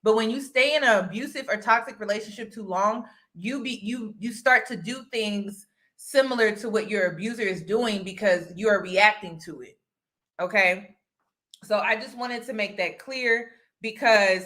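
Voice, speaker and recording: A woman hosting her own commentary channel, talking casually at a middle pitch for her sex. She lays out her points firmly and repeats them to drive each one home. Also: moderate pace, a bit bright. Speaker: commentary host.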